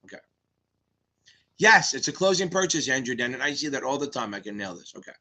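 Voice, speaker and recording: A man in his fifties hosting a live exam Q&A stream, talking fast, cursing and rambling. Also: mid-range voice, sing-song, bright, forceful tone. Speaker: exam tutor, stream host.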